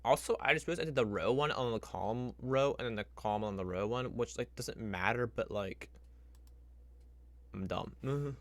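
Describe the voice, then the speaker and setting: Speaking at a normal speed with a medium-pitched voice, a man streams as he builds a spreadsheet. His thinking-aloud is casual and rambling, he talks to his computer, and he makes up tiny sound effects. Typing and mouse clicks are heard in the background.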